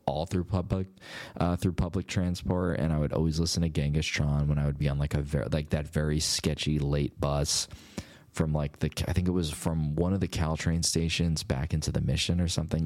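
A man's voice: rumbling low, darkish tone. A man with a nasal voice hosting a radio show, rambling in a laid-back, chatty way as he wraps up the episode. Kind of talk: casual radio show outro.

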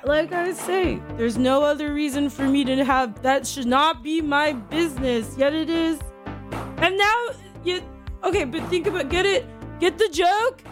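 A woman hosting a show, delivering a rambling, self-mocking comic monologue and often laughing through her lines. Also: sits high. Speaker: show host. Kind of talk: comedic monologue.

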